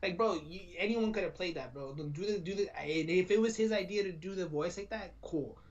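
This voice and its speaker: A young man in casual chat, excitable and rambling, swearing freely. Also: high-pitched, a little fast, far from the mic, highs cut off.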